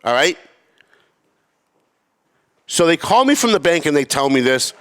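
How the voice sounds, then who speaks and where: A middle-aged man hosting a podcast, telling a story in an animated, swearing rant that climbs toward yelling. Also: fairly high pitch, a little slow. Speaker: podcast host.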